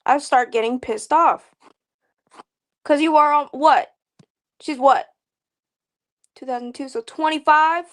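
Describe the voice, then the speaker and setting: A woman vents on a livestream with open contempt, swearing as she goes. Her voice sits high. She mocks and scolds in a blunt, scornful way. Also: takes it slowly, long pauses. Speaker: stream guest. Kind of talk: angry livestream rant.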